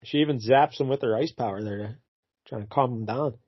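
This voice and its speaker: A man's voice: medium pitch, fairly quick, no room sound, lo-fi sound. A man co-hosting a casual podcast, joking and retelling scenes. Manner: relaxed, joking, retells scenes with quoted lines. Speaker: podcast co-host. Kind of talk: casual comic book chat.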